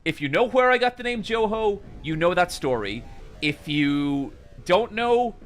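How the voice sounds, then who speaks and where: A man's voice: high voice, a little slow. Guy streaming a game and telling a story, swears a lot, voice jumps all over, faint music behind. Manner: animated, swears freely. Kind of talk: casual storytelling while gaming.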